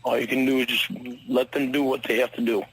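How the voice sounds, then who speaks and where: Man, husband type, calm and comforting, gravelly tone. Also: mid-range voice, fast talker, slight background noise, low-quality recording. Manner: soothing, gravelly. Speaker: husband comforting his wife.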